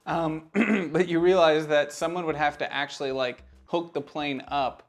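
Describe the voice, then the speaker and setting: A man narrating a tabletop game as game master, in a loose, relaxed way with many fillers. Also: fairly high pitch, normal speed, faint music behind.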